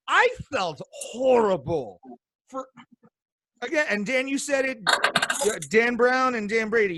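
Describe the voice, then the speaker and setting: Brief: male podcast co-host, furious cursing rant, unhurried, high lively voice, dry video-call sound. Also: no echo. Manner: angry profane rant. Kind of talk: casual podcast chat.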